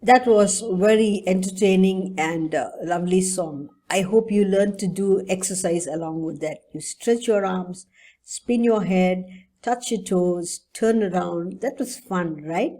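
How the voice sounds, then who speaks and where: Woman, children's teacher; soft, warm tone, patient, keeps checking her pupils follow. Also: fairly low pitch, measured pace. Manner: patient and explanatory, often checks in with "okay?" and "right?". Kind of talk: online English lesson for young children.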